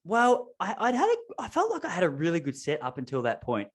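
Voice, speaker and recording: Aussie male podcast host, quick rambling anecdotes, self-deprecating. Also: high voice, wildly swooping pitch. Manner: rambling anecdotal storytelling with self-mocking humor. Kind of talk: casual chat.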